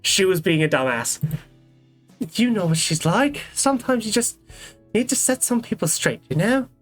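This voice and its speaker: A woman's voice: medium pitch, animated, moderate pace, faint music behind, natural voice. A woman voicing a stern female animatronic with a put-on English accent, firm and clipped. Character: stern female animatronic ballerina-clown with a prim English manner.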